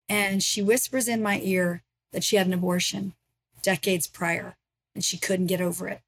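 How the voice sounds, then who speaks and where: A middle-aged woman recounts her personal testimony as an interview guest. Her pitch sits mid-range for a woman. She speaks in an earnest, emotional storytelling manner. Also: fairly even intonation, moderate pace. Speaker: ministry founder, guest.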